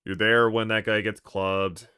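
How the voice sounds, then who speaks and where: Low, bright-voiced man musing aloud. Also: level tone, a little slow, smooth, no echo, clean studio sound. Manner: musing, thinking aloud, hesitant. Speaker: streamer. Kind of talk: casual gameplay commentary.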